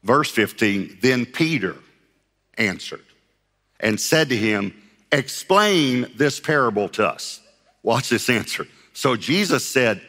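Guy preaching a sermon, animated storyteller doing voices, bright punchy tone, big echoey hall. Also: mid-range voice, slow pace. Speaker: pastor.

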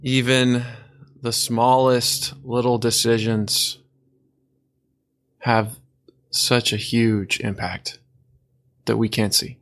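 A man hosting a podcast, asking interview questions in a calm, measured way. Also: mid-range voice. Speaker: podcast host.

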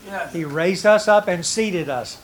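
Middle-aged male preacher, slightly high pitch, fervent repetitive declarations, sermon delivery. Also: unhurried, a little hiss or hum. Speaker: pastor.

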